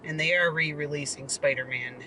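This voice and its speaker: Chatty bright-toned co-host. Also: mid-range voice, steady tone, a little fast, slight background noise, rough recording. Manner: agreeable, chatty, trails off in fillers. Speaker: movie review co-host. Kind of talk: casual chat.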